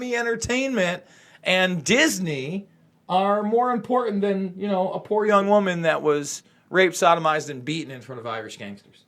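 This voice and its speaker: A man's voice: sits high, moderate pace, a bit bright. A man hosting a casual chat, joking and ranting with profanity. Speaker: podcast host.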